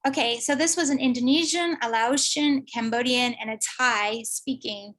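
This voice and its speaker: A woman giving an online lecture, explaining slowly and thinking aloud with fillers. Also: fairly high pitch, fairly bright tone.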